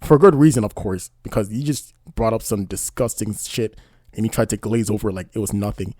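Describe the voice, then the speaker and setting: A man's voice: on the low side, brisk, warm tone, dry recording, studio quality. A man doing casual online commentary, indignant and rambling, often asking "you know what I mean". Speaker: commentary YouTuber.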